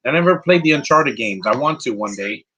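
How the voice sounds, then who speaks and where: A man giving casual live movie commentary, rambling and answering viewers' questions with quick opinions. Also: medium pitch, lively intonation, sharp tone, slight background noise, poor audio.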